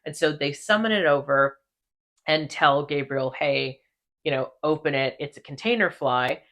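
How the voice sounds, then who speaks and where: Female podcast host, low pitch, chatty and profane recap. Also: moderate pace. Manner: animated, profane, laughs often. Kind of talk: casual recap chat.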